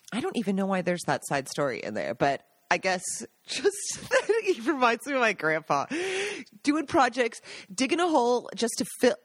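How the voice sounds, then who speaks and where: A woman's voice: medium pitch, dry recording. A woman reading aloud from her own memoir, stopping now and then for personal asides and laughter. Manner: breaks off the reading for emotional asides, laughing and choked up.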